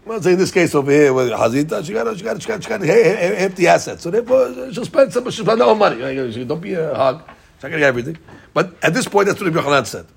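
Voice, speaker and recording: A middle-aged man teaching a Talmud class in an animated way, repeating words and mixing in Hebrew and Aramaic terms. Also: sits high, fast, creaky, husky.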